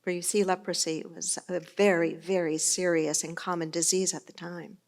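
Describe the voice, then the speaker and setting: A woman's voice: fairly low pitch, little pitch movement, moderate pace, gravelly. A middle-aged woman pastor giving a sermon in a conversational, storytelling manner.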